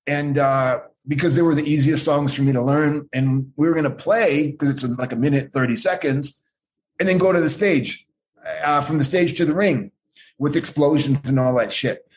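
A man's voice: a little high, moderate pace, a little mellow. Middle-aged man, casual storyteller, swears a lot, rambling, voices other people in his stories. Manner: profane, rambling, acts out quoted voices. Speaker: guest, former pro wrestler.

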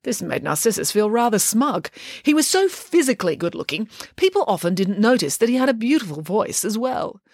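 A woman's voice: mid-range voice, big pitch swings, fairly quick, dry recording, clean studio sound. Playful woman reading a storybook. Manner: playful and wry. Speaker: audiobook narrator. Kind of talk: scripted storybook narration.

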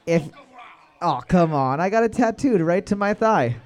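A man's voice: sits high, expressive, moderate pace. A man hosting a live bar trivia night, reading each question twice and joking between rounds. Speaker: trivia host.

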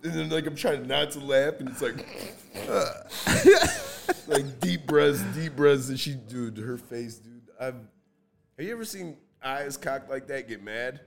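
A man's voice: medium pitch, slow, creaky, crowd noise. A young man, a podcast guest, telling stories in casual chat with lots of slang, swearing and laughter. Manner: animated, laughing storyteller with heavy slang and swearing.

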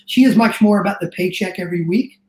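A man's voice: high-pitched, a little mellow. Middle-aged male guest, earnest and emotional, roomy echo. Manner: earnest, emotional storytelling, rushed restarts. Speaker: guest, business coach. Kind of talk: casual interview chat.

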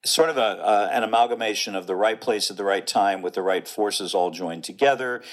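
A man's voice: fairly low pitch, a little fast. A middle-aged man, a music professor and choral conductor, talking as an interview guest, earnest and explanatory with plenty of fillers and restarts.

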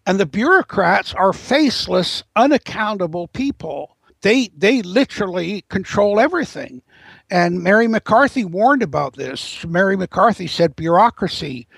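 A man's voice: high-pitched, lively intonation, measured pace, creaky, fairly bright tone, breathy edge, no echo, poor audio. A man speaking as an interview guest, telling long explanatory stories with frequent restarts and fillers. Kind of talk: interview commentary.

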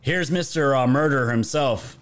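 A man's voice: mid-range voice, unhurried. A male host giving casual, mocking political commentary and talking to his viewers as "guys.".

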